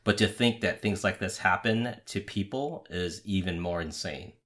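A man's voice: low voice, moderate pace, a bit bright. A man co-hosting a podcast in casual chat, musing aloud with emphatic asides. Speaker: podcast co-host.

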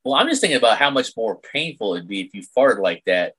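A man's voice: fairly low pitch, very animated, fast talker, a bit bright, husky. A middle-aged man chatting as a podcast guest over a video call, blunt and crude with plenty of jokes. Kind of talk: casual podcast chat.

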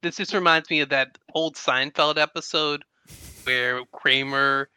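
Bright, crisp-voiced man on a podcast. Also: fairly high pitch, steady tone, a little slow, dry recording. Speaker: podcast co-host. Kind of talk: casual podcast chat.

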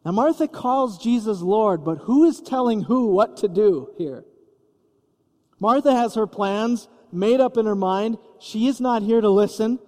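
A man's voice: high voice, animated, measured pace, a little mellow, long reverb tail. A man preaching a sermon as pastor, telling the story vividly and acting out the scene.

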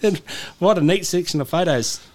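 A man with a New Zealand accent co-hosting a casual podcast chat, an animated storyteller who laughs often. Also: sits high, moderate pace. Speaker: podcast co-host.

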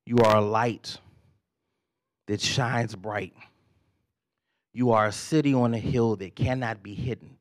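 A man's voice: fairly low pitch, fairly even intonation, measured pace, long pauses. A man preaching a sermon, calling out to the congregation and building his points through rhythmic repetition. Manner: loud and rising in the first half, then quiet and intimate.

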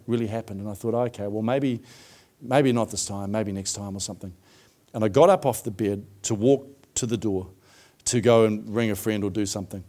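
A man's voice: medium pitch, a little mellow. A middle-aged man preaching a sermon, telling his own story in a conversational way with frequent fillers.

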